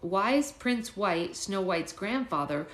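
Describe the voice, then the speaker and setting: A woman's voice: medium pitch, lively intonation, slow pace, fairly bright tone, reverberant. A woman reading a boy character's lines aloud from a storybook, in close to her own voice. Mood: storytelling.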